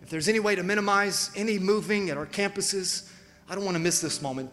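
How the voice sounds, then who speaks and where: A man's voice: high voice, fast, a bit bright, big-room sound. A man, a pastor, preaching an urgent sermon and leading a repeat-after-me prayer in a large church. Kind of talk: sermon with altar call and prayer. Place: large church with several campuses.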